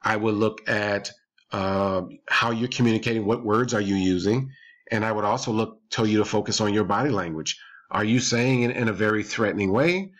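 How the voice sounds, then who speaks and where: Low-voiced man coaching parents calmly. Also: moderate pace. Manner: calm, explanatory, repeats points. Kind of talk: advice podcast talk.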